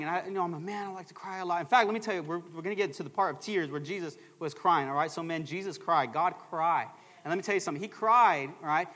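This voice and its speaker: A man's voice: high voice, a bit bright, big-room sound. A middle-aged man, a pastor, preaching a sermon in a church with emphatic call-and-response phrases. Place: church sanctuary.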